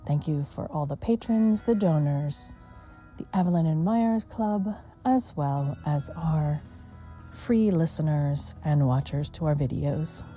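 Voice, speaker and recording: A woman hosting a mindfulness talk, speaking gently and unhurriedly, sometimes dropping to a hush. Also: low-pitched, faint music behind. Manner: gentle and unhurried, with soft laughs and hushed moments. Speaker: mindfulness podcast host. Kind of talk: slow reflective mindfulness talk.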